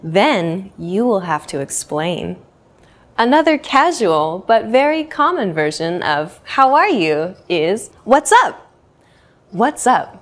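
A young woman teaching an English lesson, speaking slowly and clearly and repeating each phrase for learners. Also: medium pitch, big pitch swings. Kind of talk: scripted language lesson.

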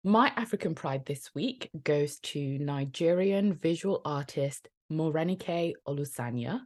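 Woman, podcast co-host, low pitch, chatty, upbeat. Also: lively intonation, unhurried, a little mellow. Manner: upbeat, chatty, laughs often. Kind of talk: casual chat and presenting.

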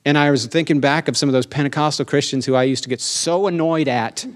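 A middle-aged male pastor preaching a sermon, animated and emphatic, asking the congregation for amens and slowing down to stress key lines. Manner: slows down for emphasis, rising pitch on key lines.

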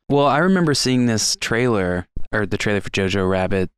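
An easygoing man with a fairly low, smooth voice talks through a film on a podcast in a friendly way. His voice is clear and close, with a dry sound and no room echo. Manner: easygoing, reads descriptions aloud, friendly. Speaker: podcast co-host. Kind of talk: casual film review chat.

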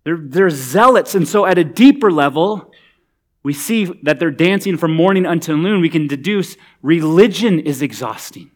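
A man's voice: on the high side, lively intonation, normal speed. A man preaching a sermon in a conversational, humorous, emphatic way. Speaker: pastor.

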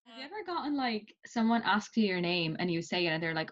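Animated young Irish woman, dull sound. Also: medium pitch, fast talker. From Ireland. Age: young adult. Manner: animated storytelling, acts out dialogue. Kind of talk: casual chat.

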